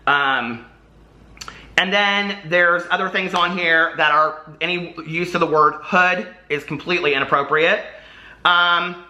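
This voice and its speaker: A man with a slightly high, very bright and sharp voice speaks to camera in an apology monologue. He talks in a halting, earnest way and fills his pauses often. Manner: halting and earnest, with many fillers. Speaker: vlogger explaining old posts.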